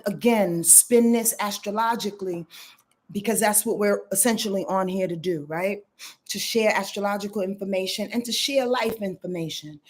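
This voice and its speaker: A woman's voice: mid-range voice, darkish tone. Chatty woman livestreaming astrology. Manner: loose, chatty, swears, addresses viewers as y'all. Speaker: astrologer hosting a live stream. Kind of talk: casual livestream talk.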